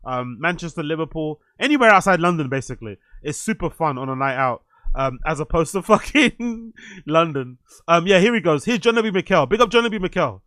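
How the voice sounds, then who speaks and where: A man's voice: on the high side, animated, brisk, fairly bright tone, no room sound. A man hosting a podcast, giving blunt, heated, profane reaction commentary on video clips.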